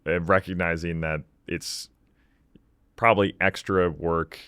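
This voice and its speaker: A man hosting a podcast interview, speaking thoughtfully in halting, restarting phrases. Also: sits low, fairly even intonation, a bit bright, clear, resonant tone, dry recording, studio quality. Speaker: podcast host.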